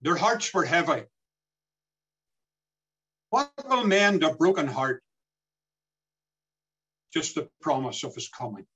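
A man delivers an earnest sermon. His voice is fairly high and bright, with a husky edge. It rises and sinks as he works through scripture. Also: sing-song, slow, long pauses, low-quality recording. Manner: earnest, swelling and dropping as he quotes scripture. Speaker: preacher.

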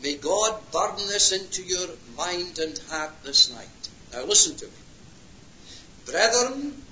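A preacher delivering an impassioned sermon, swinging between hushed and loud passages. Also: male voice, sits high, expressive, slow pace. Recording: lo-fi roomy hall recording.

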